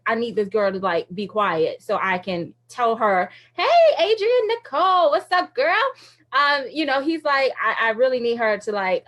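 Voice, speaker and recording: A woman radio host telling a faith story in a casual, animated way, with lots of fillers and frequent laughter. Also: fairly high pitch. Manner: uses many fillers like "like" and "you know".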